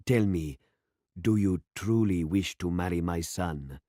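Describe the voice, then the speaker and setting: A man voicing a grave, elderly village pastor in a story read aloud, speaking slowly and formally. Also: sits low, dark tone, dry recording, studio quality. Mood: solemn. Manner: slow, solemn and formal.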